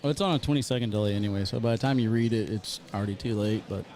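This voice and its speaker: A man's voice: on the low side, very fast, a little mellow. A man commentating a cornhole livestream, joking and teasing in a laid-back way.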